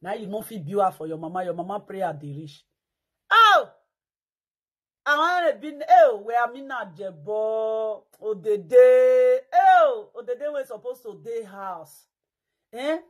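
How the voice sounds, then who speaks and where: A woman's voice: a little high, animated, a little slow, a bit bright. A woman with a Nigerian Pidgin accent giving dramatic, mocking commentary, breaking into chants and mock cries.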